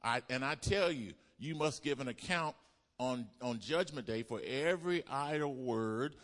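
A pastor preaching a sermon to his congregation, asking them to repeat lines back and building up to loud exclamations. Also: mid-range voice, animated, measured pace. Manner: call-and-response preaching, builds to shouts. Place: church.

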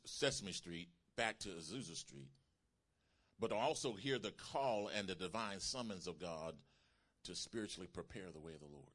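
A man preaching a sermon as pastor, emphatic and calling out to his congregation, building to shouts. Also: low voice. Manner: calls to the congregation.

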